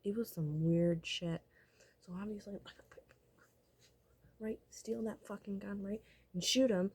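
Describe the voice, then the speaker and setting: A woman's voice: mid-range voice, measured pace, darkish tone, slightly rough. A woman telling a dream in a casual vlog, rambling and swearing, often dropping to a whisper.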